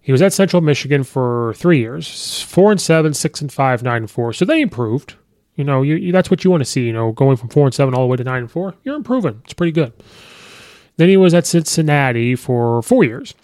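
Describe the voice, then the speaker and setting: Brisk, expressive and a little mellow, this medium-pitched man hosts a sports podcast, captured on a podcast microphone with clean studio sound and no room echo. Conversational, he mulls over coaching records aloud, filling pauses with ums and you-knows.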